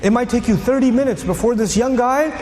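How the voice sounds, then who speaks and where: A man giving a sermon as a preacher, animated, telling a story and acting out its scenes. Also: very high voice, brisk, a little hiss or hum. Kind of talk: sermon lecture. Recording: echoey hall.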